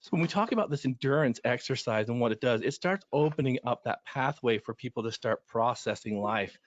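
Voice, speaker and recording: On a panel, a middle-aged coach of runners in recovery tells earnest, meandering stories, frequently starting over. His mid-range voice is animated and a little fast with no room sound, captured in slightly dull lo-fi audio.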